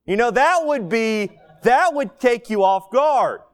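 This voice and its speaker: A man preaching a sermon, telling a Bible story with animated asides and acted-out quotes. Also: very high voice, slow pace.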